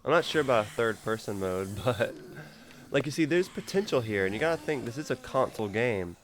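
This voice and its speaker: A man's voice: mid-range voice, animated, a little fast, a little hiss or hum. A man giving casual, rambling gameplay commentary as a gaming YouTuber. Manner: rambling, loose, laughs easily.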